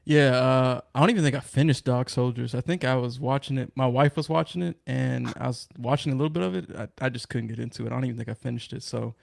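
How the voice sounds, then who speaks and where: Gravelly, laid-back man. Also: medium pitch, fast, few pauses, no room sound, studio quality. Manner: laid-back, easygoing, slangy. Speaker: podcast guest. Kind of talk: casual podcast chat.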